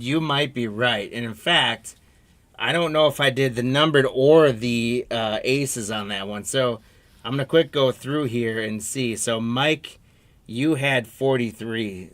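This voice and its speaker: A man's voice: mid-range voice, a little slow, a bit bright, no echo. A man hosting a live trading card break stream, reading out player names and teams in a running patter and chatting with viewers.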